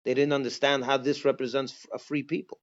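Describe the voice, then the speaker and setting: A man's voice: mid-range voice, flat delivery, fast talker, dull audio. A man, a rabbi, giving a Passover class, teaching emphatically with many rhetorical questions.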